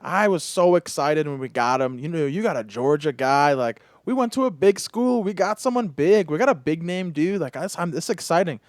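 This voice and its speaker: A man's voice: on the high side, expressive, moderate pace, hardly any pauses, dry recording, clean studio sound. A man hosting a podcast in casual chat, gossipy and full of restarts as he talks. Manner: chatty, gossipy, hesitant restarts. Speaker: podcast host.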